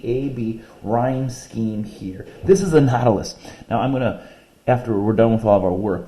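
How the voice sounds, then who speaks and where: Low, mellow-voiced male teacher. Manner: patient, explains step by step, counts syllables aloud; reads poems slowly and deliberately. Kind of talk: recorded classroom reading lesson.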